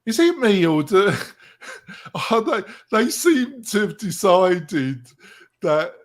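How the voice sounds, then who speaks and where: Host guy, kinda high voice, rambles and jokes around with the panel. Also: sing-song, takes it slowly. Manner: rambling, jokey, laughs between points. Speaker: show host. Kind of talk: round-table discussion.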